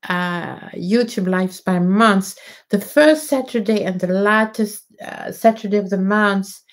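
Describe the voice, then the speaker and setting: A woman's voice: mid-range voice, measured pace. A woman with a French accent, a native French speaker, hosting a casual live question-and-answer stream, hesitant with many fillers and restarts. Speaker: livestream host answering viewer questions.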